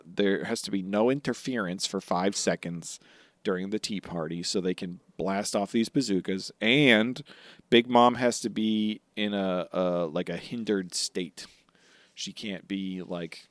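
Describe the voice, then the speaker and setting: A man co-hosting a podcast, recapping a comic casually and jumping into high voices for the characters' lines. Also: dry recording. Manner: animated storytelling, acts out characters' lines in sudden high voices. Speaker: podcast co-host.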